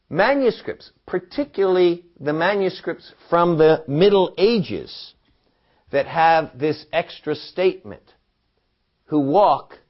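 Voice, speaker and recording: A man's voice: on the high side, muffled recording. A man giving a Bible teaching talk, quoting scripture and asking the listeners questions. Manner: animated, asks the listeners questions and quotes scripture.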